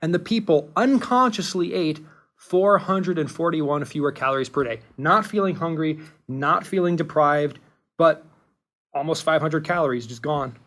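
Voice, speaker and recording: A man's voice: on the high side, normal speed, a bit bright. A man hosting a podcast, explaining nutrition research in an earnest way and repeating key points for emphasis. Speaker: podcast host. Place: Seattle studio.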